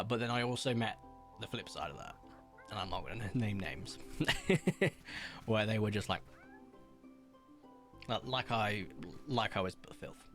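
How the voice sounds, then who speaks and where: Chatty West Country man streaming a game. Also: medium pitch. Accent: English West Country. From Somerset, England. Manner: chatty, self-deprecating, drifts between posh and broad tones. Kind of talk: casual livestream chat.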